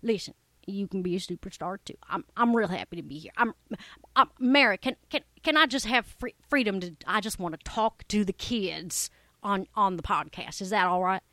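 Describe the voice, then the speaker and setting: A woman's voice: mid-range voice, normal speed, fairly bright tone, no echo, close to an everyday voice. A woman doing a brash, boastful kids' acting coach. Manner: pushy, boastful, stumbling over words.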